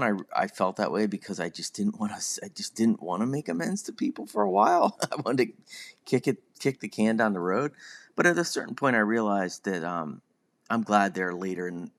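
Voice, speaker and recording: A man's voice: on the low side, gravelly, fairly bright tone. A man talking casually and reflectively about his own experiences, often chuckling at himself. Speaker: podcast host. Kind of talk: casual personal monologue.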